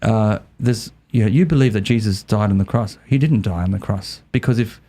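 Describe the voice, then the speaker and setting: A man with an Australian accent, a podcast guest telling a story in a lively way, often repeating and restarting his words. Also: lowish voice, fairly quick, slightly rough. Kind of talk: casual storytelling.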